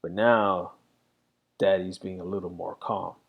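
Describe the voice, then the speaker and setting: A man's voice: sits low, steady tone, a little slow, gravelly, highs cut off. A middle-aged man reflecting candidly in a rambling casual monologue, full of fillers. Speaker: vlogger.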